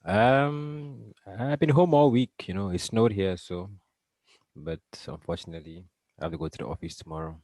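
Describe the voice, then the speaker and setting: A man's voice: sits low, moderate pace, a little mellow, no echo. A man co-hosting a casual podcast in who talks in a teasing, playful way. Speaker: podcast co-host.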